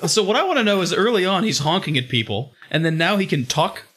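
A man's voice: high voice, big pitch swings, quick pace, fairly bright tone. A man chatting casually on a podcast about a comic, telling scenes with laughter and acting out the characters.

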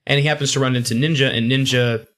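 A man's voice: mid-range voice, steady tone, quick pace, fairly bright tone. A man hosting a casual podcast chat about comics, laughing often and acting out quoted lines. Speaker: podcast host.

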